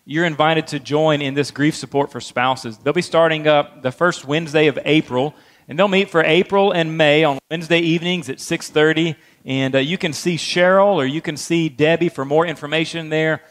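A man preaching a sermon as pastor to his church, earnest, with frequent fillers and repeated key phrases. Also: a little high. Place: church sanctuary.

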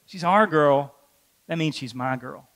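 A man's voice: a little high, unhurried, fairly bright tone. A middle-aged man preaching a sermon, earnest, repeating key phrases for emphasis. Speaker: pastor.

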